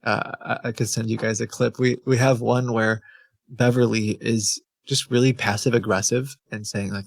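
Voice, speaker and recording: A man's voice: medium pitch, little pitch movement, normal speed, creaky, no room sound, studio quality. A man guest on a podcast who explains his project in a thoughtful, hesitant way. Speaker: guest, scam-baiting creator. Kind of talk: casual explanatory chat.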